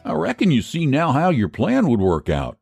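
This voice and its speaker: A man's voice: on the high side, wildly swooping pitch, moderate pace, gravelly, over music, pitched above the performer's own voice, exaggerated voice. A man voicing a sly, scheming older rural pie seller with a rural American dialect and a folksy drawl. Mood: persuasive. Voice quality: folksy drawl, old-fashioned country grammar.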